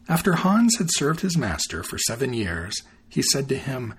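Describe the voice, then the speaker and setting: A man hosting a podcast, reading a fairy tale aloud in an expressive storytelling manner. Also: medium pitch, moderate pace, husky. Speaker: podcast host and reader.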